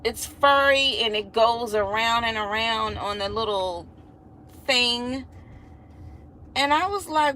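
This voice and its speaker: Bright-voiced woman telling a story. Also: on the high side, slow, long pauses, slight background noise. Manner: animated, acts out quoted voices, laughs often. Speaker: vlogger. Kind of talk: casual storytelling chat.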